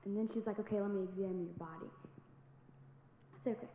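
A woman's voice: mid-range voice, fairly even intonation, fast. Young woman testifying in an echoey church. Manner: earnest storytelling, breaks into laughs, rises to loud exhortation. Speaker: youth speaker giving testimony. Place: large church sanctuary. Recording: echoey hall, dull sound, faint noise.

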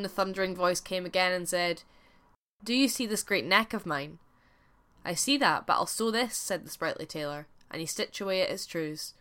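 Bright-voiced woman telling a folk tale. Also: on the low side, clear, resonant tone. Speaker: podcast storyteller. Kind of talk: scripted folk tale narration.

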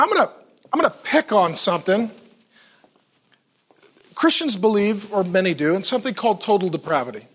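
Animated, high-voiced man preaching a sermon. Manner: animated storytelling with acted-out dialogue. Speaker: pastor.

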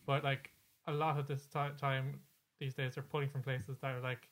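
A man's voice: mid-range voice, level tone, moderate pace, fairly bright tone. A man co-hosting a podcast in casual chat, rambling along with plenty of fillers and restarts. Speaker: podcast co-host.

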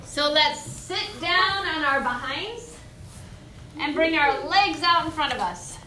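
A woman's voice: high-pitched, lively intonation, takes it slowly, bright, forceful tone, slight background noise. A young woman leading a children's yoga class as a story, coaxing and sing-song, heard from a distance in an echoey room. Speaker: kids' yoga teacher. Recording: echoey room, recorded from afar.

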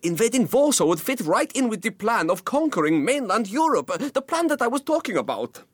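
Brief: man voicing a formal, long-suffering aide, high lively voice, dry sound. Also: fairly quick, no echo, heavily acted. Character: exasperated male aide to a dictator. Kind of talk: comedy sketch acting.

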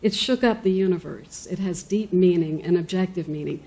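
A woman's voice: lowish voice, normal speed, mellow. A woman giving an informal lecture in a classroom, talking casually with many fillers and restarts. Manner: conversational, many fillers and restarts, acts out quoted speakers.

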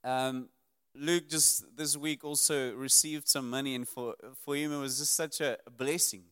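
A man's voice: medium pitch, steady tone, measured pace, fairly bright tone, clean tone. A man preaching a sermon to a live congregation, earnest, building emphasis through repeated lists.

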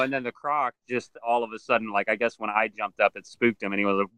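A man's voice: lowish voice, fast, clean tone, no echo, low-quality recording. A man who handles alligators and crocodiles, telling stories in a casual interview and acting out the voices of people he met. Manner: animated storyteller who acts out other people's voices. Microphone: video call.

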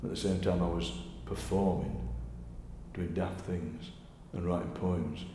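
A man with a Yorkshire accent, a poet telling stories in a lively, chatty interview. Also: low voice, a little slow, slight background noise. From Yorkshire, England. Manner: chatty, animated storyteller, often laughing. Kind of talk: conversational interview. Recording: echoey room with long reverb.

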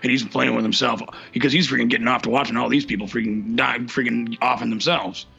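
A man acting out a rambling male radio co-host with a deeply gravelly, raspy voice that is bright and edgy. He stammers and restarts constantly, dropping "freaking" into nearly every phrase. It sounds like a dull, lo-fi comedy radio sketch. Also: steady tone, quick pace, faint music behind, full character voice. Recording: dull lo-fi recording.

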